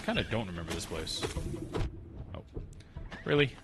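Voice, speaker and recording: A man's voice: lowish voice, sing-song, normal speed, very noisy. A man casually chatting and muttering to himself while streaming a game. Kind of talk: casual gameplay commentary.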